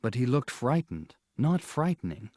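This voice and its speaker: A man narrating a storybook audiobook in a slow, measured, clear reading style. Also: mid-range voice, very animated, a little mellow, dry recording.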